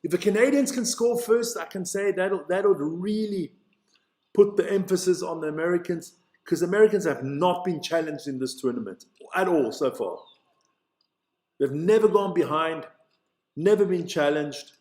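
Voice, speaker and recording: Man from Switzerland, live play-by-play, chatty and excitable, high voice, echoey room. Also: normal speed. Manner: chatty, excitable, stumbles over names. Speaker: live-stream commentator. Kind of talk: casual live play-by-play commentary.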